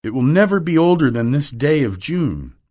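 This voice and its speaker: A man's voice: fairly high pitch, very animated, normal speed, darkish tone, voice pushed up. A man reading aloud and voicing a vain young man in despair, speaking in a pleading, emotional way. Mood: anguished.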